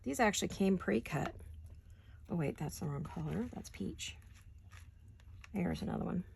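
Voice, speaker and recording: A woman with a gravelly, fry-edged voice chats her way through a craft project at her home desk, thinking out loud and slipping into quiet muttered asides. Steady background noise runs under the home recording. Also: lowish voice, a little fast. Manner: thinks aloud while working, drifts into soft muttered asides. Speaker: crafting channel host. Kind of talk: casual craft-along chat.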